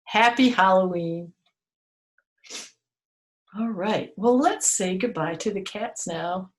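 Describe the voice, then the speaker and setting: Slow, playful woman telling kids a story. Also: mid-range voice. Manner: playful, exaggerated storytelling with hushed whispers; gentle step-by-step instructions to children. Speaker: children's museum storytime presenter. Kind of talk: children's storytime and craft demonstration. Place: at a table with craft supplies. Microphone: camera she moves herself.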